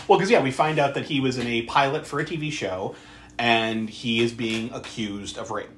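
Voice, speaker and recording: A man hosting a podcast, chatting casually about a movie, animated and swearing freely as he acts out scenes. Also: medium pitch, normal speed, slight background noise. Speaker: podcast host. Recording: echoey room.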